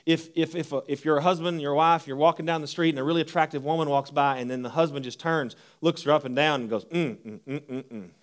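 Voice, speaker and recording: A man preaching a sermon as a pastor, animated with stumbles and restarts, reading scripture slowly and deliberately. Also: a little high.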